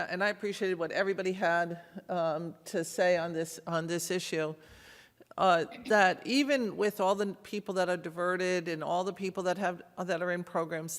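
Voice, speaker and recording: A man speaking as a panelist in a measured, earnest way, with many fillers. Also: high-pitched, fairly bright tone. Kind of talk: panel discussion remarks. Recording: long reverb of a hall.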